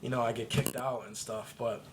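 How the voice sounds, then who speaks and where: A young man in casual vlog mode, spinning a loose, profane story and laughing his way through it. His voice sits at an ordinary middle pitch, and he rambles with plenty of asides. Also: little pitch movement, moderate pace, background noise. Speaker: vlogger. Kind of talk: casual comedic storytelling to camera.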